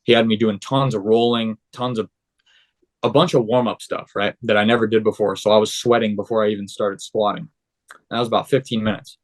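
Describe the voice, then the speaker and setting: A man's voice: lowish voice, fairly quick. A young man, a podcast guest, casually recounting his story and acting out the lines of the people in it. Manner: animated, acts out quoted dialogue.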